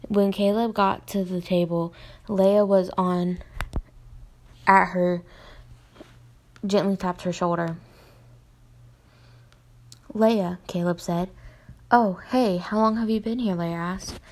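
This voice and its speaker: A young woman reads her own story aloud in a low, gravelly voice. She speaks plainly and stumbles now and then, going back to fix her words. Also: a little mellow. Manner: plain reading with small slips and restarts. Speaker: podcast storyteller.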